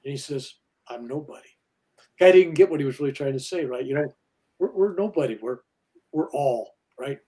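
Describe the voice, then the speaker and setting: A man's voice: on the high side, lively intonation, fairly quick, dark tone. An older man, a minister and guest, talking earnestly about spirituality and acting out quoted voices as he tells stories. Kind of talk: spiritual interview talk.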